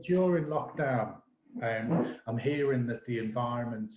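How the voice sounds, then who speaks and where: A Scottish man hosting a comedy show over a video call, quick and quipping between acts. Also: mid-range voice, darkish tone, a little hiss or hum. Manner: brisk, quips between acts. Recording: echoey room on a call.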